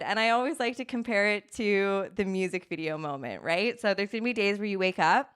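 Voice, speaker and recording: A woman in her thirties, speaking as a coaching guest in a relaxed podcast interview. Her voice is smooth and clean, sitting at an ordinary mid pitch. She talks earnestly, keeps checking in with "right?", and slips into little acted snippets of inner voices. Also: fairly quick, few pauses. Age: 30s. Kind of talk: casual interview talk.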